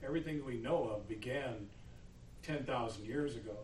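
A man's voice: mid-range voice, normal speed, a little mellow. Earnest man asking questions from across the room. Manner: earnest, hesitant, with restarts. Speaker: class participant. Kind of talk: questioning in a class discussion. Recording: distant room mic with faint noise.

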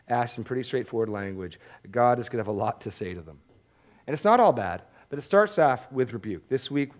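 Conversational male preacher teaching scripture. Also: on the low side. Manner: conversational, often repeats words as he restarts. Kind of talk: expository Bible-teaching sermon.

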